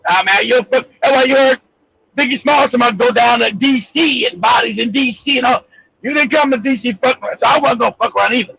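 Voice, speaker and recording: A man with a Los Angeles accent telling a profane street story as a show host, animated, loud and laughing often. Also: very high-pitched, brisk, creaky, slightly rough, dry recording, lo-fi sound. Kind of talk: storytelling monologue.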